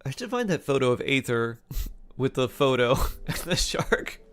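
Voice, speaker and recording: A man's voice: medium pitch, sing-song, moderate pace, a bit bright, clean tone. A man streaming a game, chatting casually, reading chat aloud and humming between remarks. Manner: laid-back, hums and scats to himself while reading chat. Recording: faint music behind.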